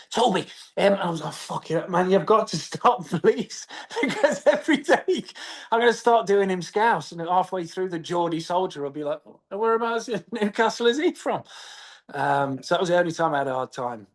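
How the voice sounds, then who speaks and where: Chatty English actor, quick fillers. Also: male voice, fairly high pitch. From England. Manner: animated, chatty, many fillers and restarts. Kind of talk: press junket interview.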